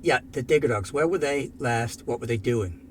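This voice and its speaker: A man puts on a surly mining security chief for a tabletop game. He is gruff, put-upon and quick to swear. The voice sits at a plain middle pitch, with faint background noise. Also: natural voice. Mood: impatient.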